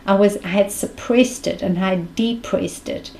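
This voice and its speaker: A woman's voice: medium pitch, normal speed, creaky, darkish tone, a little hiss or hum, rough recording. A woman with a South African accent giving a reflective mindfulness talk as a spiritual speaker, earnest and thinking aloud.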